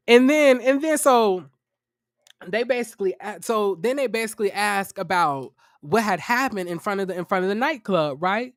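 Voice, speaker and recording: A man giving casual reaction commentary on a reality show, profane and animated, with sassy, theatrical exclamations and dramatic asides. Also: high-pitched, normal speed, no room sound, clean studio sound.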